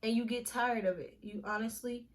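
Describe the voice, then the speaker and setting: A woman's voice: a little high, fairly even intonation, moderate pace. A young woman telling a personal story on a casual vlog, candid and emphatic, with slang and restarts when emotional. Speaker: vlogger.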